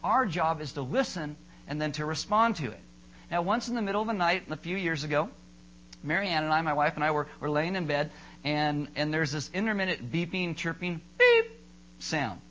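Pastor preaching in a slightly high voice. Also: male voice, brisk, fairly bright tone, slight background noise, rough recording. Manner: conversational preaching with humorous storytelling. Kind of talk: sermon.

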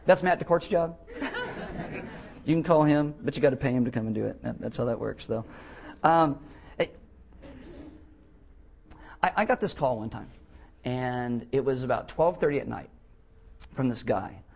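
A man's voice: medium pitch, animated, moderate pace, vocal fry, pauses often, darkish tone. A man preaching a sermon as pastor of a church, telling blunt stories with jokes. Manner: blunt, joking storyteller. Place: church, before a congregation.

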